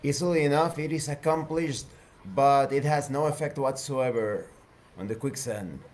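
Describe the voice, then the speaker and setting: A man narrating a tabletop science fiction game as game master, calm and measured. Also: medium pitch.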